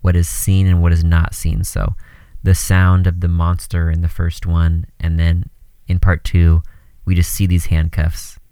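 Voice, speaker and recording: A podcast co-host in casual chat, talking in a relaxed, wry way. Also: deep voice, measured pace, clear, resonant tone, no room sound.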